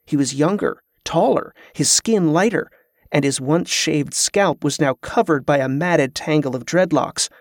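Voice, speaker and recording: A man's voice: on the high side, no echo, clean studio sound. Man narrating a fantasy audiobook. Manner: steady, measured storytelling.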